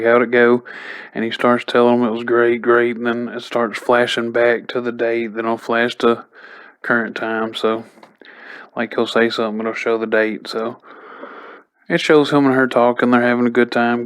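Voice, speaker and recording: A man's voice: mid-range voice, smooth. A man giving a casual spoken recap as a TV episode reviewer, chatty and loose, with lots of "like" and "you know".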